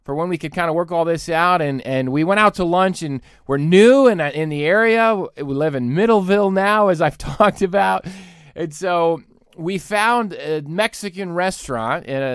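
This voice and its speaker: A man's voice: fairly high pitch, moderate pace, clean tone, dry recording, clean studio sound. A man in his thirties, a podcast host, delivering a sarcastic comedic rant and acting out both sides of the conversations he describes. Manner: exasperated, sarcastic, acts out both sides of dialogues.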